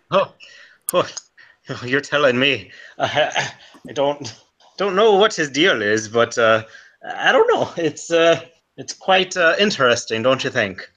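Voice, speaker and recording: A man voicing a chatty, nosy Irish fellow in a tabletop game, with rambling, hesitant flattery. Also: medium pitch, moderate pace, voice pushed down, natural voice. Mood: chummy. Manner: rambling, hesitant, fawning politeness. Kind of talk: tabletop role-play in character.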